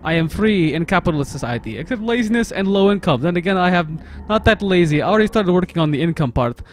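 A man's voice: high-pitched, expressive, fast, slight background noise. A man putting on a comic Russian accent and broken English, reading a game's story aloud as a let's play host. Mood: hammy. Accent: put-on Russian. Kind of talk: comedic game reading.

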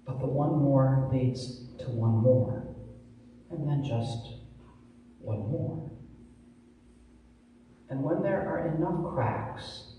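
A man preaching a sermon as pastor, slow and emphatic with dramatic pauses, dropping to a hush for key words. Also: medium pitch, a little hiss or hum. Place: large church sanctuary. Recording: echoey church from far off.

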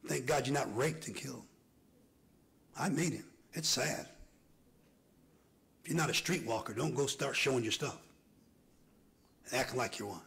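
Male preacher, gravelly tone, fervent sermon delivery with hushed passages and shouted peaks. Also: mid-range voice, moderate pace, long pauses, low-quality recording. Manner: builds from hushed murmurs to hoarse shouting. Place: church sanctuary.

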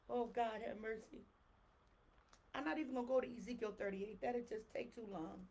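A woman preacher reading scripture slowly and solemnly, breaking into lively exclamations and asides to her congregation. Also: a little high, breathy edge.

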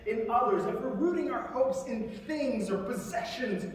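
Man, chaplain preaching, high voice, conversational sermon, acts out quotes, distant mic in a very echoey chapel. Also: lively intonation, moderate pace, a little hiss or hum. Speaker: military chaplain. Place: large chapel.

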